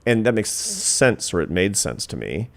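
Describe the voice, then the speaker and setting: Deep-voiced man in his fifties telling a story. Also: very animated, measured pace, gravelly. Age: 50s. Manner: earnest, reflective, builds to emphatic points. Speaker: guest, social scientist. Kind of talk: storytelling in a podcast interview.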